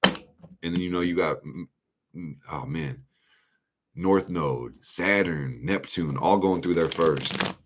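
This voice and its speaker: A man's voice: low voice, slow, long pauses, a little hiss or hum. A man giving a casual, hyped live-stream tarot reading, swearing freely and talking straight to his viewers in slang. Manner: hyped, profane, talks straight to chat with slang. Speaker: astrology and tarot reader.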